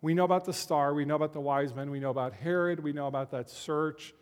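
A man's voice: a little high, steady tone, clean tone. Man preaching in a reverberant hall. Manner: conversational, slows down for emphasis. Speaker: pastor. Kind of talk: sermon.

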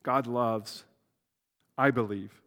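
A man's voice: medium pitch, fairly even intonation, slow pace, bright, forceful tone, big-room sound. A man pastor giving a conversational sermon, with asides and self-corrections.

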